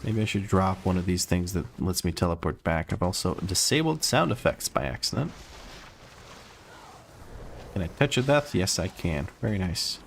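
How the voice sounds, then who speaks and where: A man's voice: sits low, lively intonation, moderate pace, vocal fry, slight background noise. Easygoing American-accented male streamer. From Croatia. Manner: easygoing, explains as he plays. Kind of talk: casual gameplay commentary.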